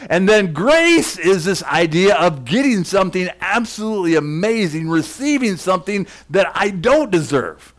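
A male pastor giving a sermon in a lively, conversational way. His voice sits a little high for a man and swings widely in pitch as he reads scripture aloud. He keeps dropping into friendly asides to the congregation.

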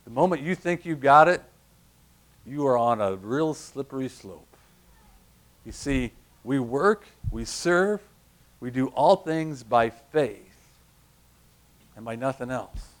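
A middle-aged male pastor preaching a sermon, telling stories with lively acted-out voices and loud, emphatic peaks. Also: medium pitch, takes it slowly, long pauses. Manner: animated storytelling, acting out voices, rising to loud emphasis.

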